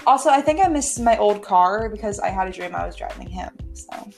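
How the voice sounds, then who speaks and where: A woman's voice: medium pitch, lively intonation, fairly quick, vocal fry, a little mellow. Young woman, casual podcast chat, rambling storyteller, faint music behind. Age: young adult. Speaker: podcast co-host.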